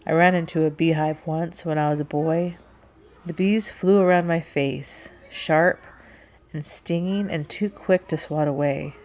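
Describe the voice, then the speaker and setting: A woman's voice: low-pitched, fairly even intonation, unhurried, darkish tone. A woman reading the part of a guarded male sea captain who is blunt and easily exasperated in an audiobook. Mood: reflective.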